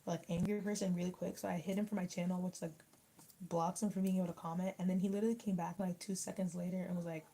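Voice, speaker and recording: A woman's voice: fairly low pitch, level tone, fast, dark tone, husky, rough recording. A young woman in casual livestream chat, rambling with lots of fillers as she answers comments while eating. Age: young adult. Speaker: YouTuber reading live chat.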